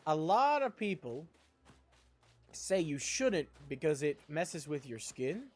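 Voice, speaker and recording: Young male streamer, high pitch, animated sing-song delivery, chatty and self-mocking over a desk mic. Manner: rambling, chatty, jokey asides. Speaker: live streamer. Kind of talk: casual chat while gaming.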